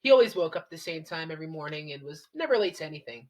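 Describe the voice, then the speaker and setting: Woman, plain dry read-aloud, lively pitch. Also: fast talker, poor audio. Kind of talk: casual reading aloud with friends.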